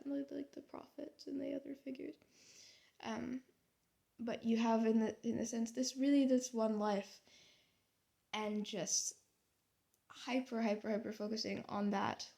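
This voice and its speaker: A young American woman talks to the camera in a loose, thinking-out-loud way, trailing off and restarting often. Her slightly high voice is thick with creaky vocal fry. It sounds like a casual artist's vlog. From United States. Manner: rambling, thinking aloud with many fillers and restarts. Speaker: artist and vlogger. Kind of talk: casual reflective monologue.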